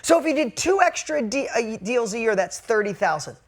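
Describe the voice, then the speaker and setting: Blunt, lively woman coach telling a story to her group. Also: fairly high pitch, fairly quick. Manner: candid, animated storyteller who swears casually. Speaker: business coach.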